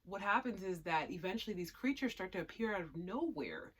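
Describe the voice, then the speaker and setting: A woman hosting a casual spoken review, talking emphatically and moving from hushed remarks to loud outbursts. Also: fairly low pitch, expressive, fairly quick. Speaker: anime reviewer.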